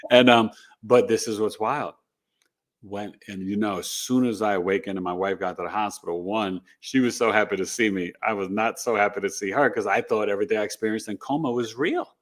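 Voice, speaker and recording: A middle-aged man, an astrologer, tells a personal story as an interview guest, animated and rambling, with lots of "you know" and "right?". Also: on the low side, a little fast. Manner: animated, re-enacts dialogue in the telling.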